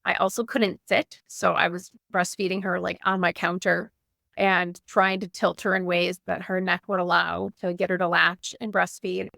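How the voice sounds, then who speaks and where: A woman's voice: fairly low pitch, flat delivery, moderate pace, gravelly, bright, forceful tone, no room sound, clean studio sound. A woman in her thirties, a guest telling her personal story in an interview, candid and earnest, with lots of "like". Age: 30s.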